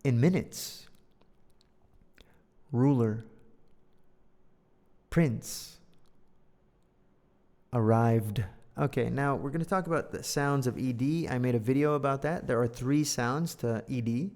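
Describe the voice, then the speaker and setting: Reading a storybook aloud during an English lesson, a man jokes around between his explanations. His gravelly voice is medium-pitched and darkish, his pace slow, and a long hall reverb trails each word.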